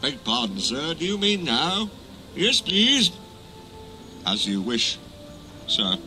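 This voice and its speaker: A man voicing a tired, dignified tank engine who answers politely, gravely and dryly, with music playing underneath. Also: fairly high pitch, sing-song, takes it slowly, bright, forceful tone, full character voice. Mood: resigned. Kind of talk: storybook character voice.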